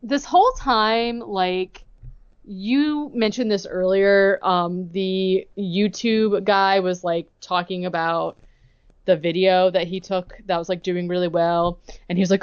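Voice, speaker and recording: A woman's voice: lowish voice, steady tone, unhurried, smooth, no echo, lo-fi sound. Chatty woman recapping a movie on a podcast. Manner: chatty, heavy use of "like", quotes characters and her own reactions. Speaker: podcast co-host. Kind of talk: casual chat recapping a movie.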